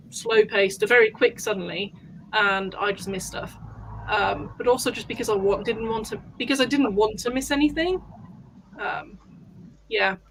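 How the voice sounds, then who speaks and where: Rambling woman guest, slightly high voice. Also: a little hiss or hum, poor audio. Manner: thoughtful, rambling, casual swearing. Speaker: book club guest. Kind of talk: casual chat.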